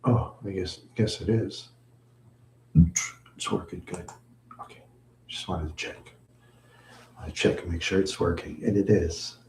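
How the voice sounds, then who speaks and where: A middle-aged man talks on a live stream in a slightly low voice, rambling and repeating phrases over and over. His talk drifts between mumbling and louder complaint. The room around him is echoey. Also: slight background noise. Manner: repetitive, mumbling, self-pitying. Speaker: livestream host.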